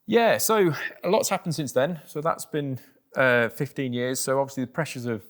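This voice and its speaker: A man's voice: medium pitch, moderate pace. A British man as an interview guest, telling a personal story candidly and plainly, with many fillers and restarts.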